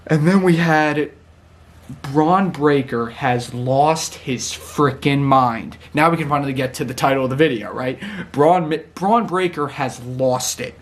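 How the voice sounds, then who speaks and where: A man casually recapping a wrestling show, chatty and excitable, laughing often and acting out what people said. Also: mid-range voice, a little slow.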